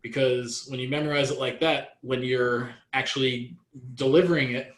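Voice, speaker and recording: A man coaching real estate agents in a training session, energetic and repetitive. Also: medium pitch, normal speed, reverberant, low-quality recording.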